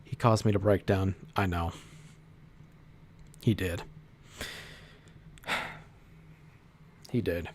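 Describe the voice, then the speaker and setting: A man hosting a casual commentary, talking in a halting, rambling way with frequent restarts and swearing. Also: sits low, steady tone, slight background noise. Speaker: host.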